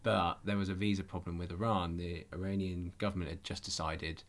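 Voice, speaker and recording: A man's voice: deep voice, little pitch movement, fairly quick. A young man chatting as a podcast guest, easygoing and joking. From Britain. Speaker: podcast guest, round-the-world scooter traveller. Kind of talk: casual interview chat.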